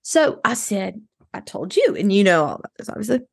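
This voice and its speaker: Woman doing a self-absorbed rich suburban mom, gravelly, rambling, for a comedy podcast, dry sound. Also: medium pitch, very animated, a little fast, dry recording, exaggerated voice. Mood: rambling, chatty. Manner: rambling, breathless oversharing.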